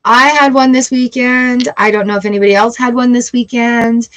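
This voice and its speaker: A woman giving a casual tarot reading, chatty and encouraging, with lively outbursts. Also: on the high side, normal speed, low-quality recording. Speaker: tarot reader.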